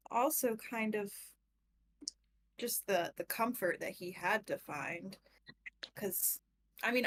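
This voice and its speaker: Young woman, book club co-host, casual chat, informal. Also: mid-range voice. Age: young adult. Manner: laughs often, loose and informal.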